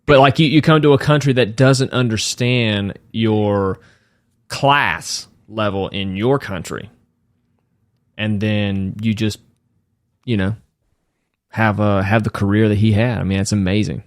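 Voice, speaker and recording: A man co-hosting a casual podcast, laid-back and quick with short agreements. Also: fairly low pitch, no room sound, studio quality. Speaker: podcast co-host. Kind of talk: casual chat.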